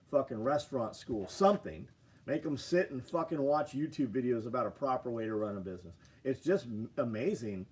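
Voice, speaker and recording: Casting: blunt, foul-mouthed man, mid pitch, ranting on a livestream. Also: husky. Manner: blunt, profane, animated ranting. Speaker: livestream host. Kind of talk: casual livestream chat reading viewer comments.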